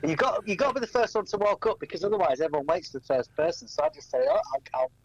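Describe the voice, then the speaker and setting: Chatty guest man with a lively, higher voice. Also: very fast, no echo, muffled recording. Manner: chatty, good-humoured storyteller. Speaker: radio guest. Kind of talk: casual radio chat.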